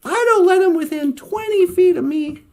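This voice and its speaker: A woman's voice: very high-pitched, moderate pace, darkish tone, pitched above the performer's own voice. A woman voicing a cheeky male squirrel who speaks bluntly and wants nothing to do with humans. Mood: brash, breezy. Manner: chatty, brash advice-giving.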